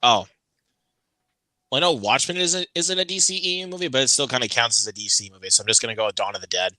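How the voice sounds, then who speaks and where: A man co-hosting a casual chat, telling a story with animated delivery and acting out the people he quotes with big jumps in pitch. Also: fast, dry recording.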